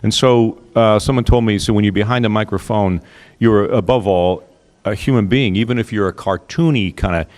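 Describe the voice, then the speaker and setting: A man on a convention panel, a voice actor speaking reflectively and slipping into quick character voices. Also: fairly low pitch, darkish tone. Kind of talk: relaxed panel talk.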